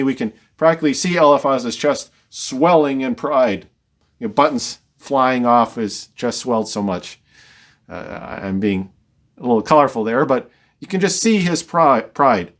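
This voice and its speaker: A man's voice: mid-range voice, expressive, moderate pace. A man teaching a verse-by-verse Bible study, reading scripture and explaining it conversationally with dry, wry asides.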